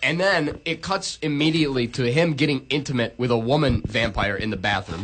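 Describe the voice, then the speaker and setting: A man's voice: mid-range voice, a little fast, fairly bright tone, a little hiss or hum. A young man casually recapping a movie with friends, rambling and profane, with lots of restarts. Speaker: podcast co-host.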